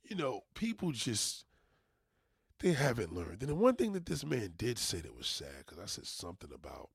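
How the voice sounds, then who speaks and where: Gravelly, husky man venting bluntly. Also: on the low side, huge pitch swings, moderate pace, no echo, clean studio sound. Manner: profane, emphatic venting. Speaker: junk removal business owner. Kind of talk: casual rant to camera.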